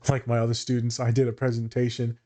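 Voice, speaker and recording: A man in casual conversation who speaks like a working therapist reflecting aloud. His delivery is blunt and profane. The humor stays dry and understated, and his pitch sits in an ordinary middle range. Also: completely flat delivery, quick pace, dark tone. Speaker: therapist and teacher. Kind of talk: casual podcast chat.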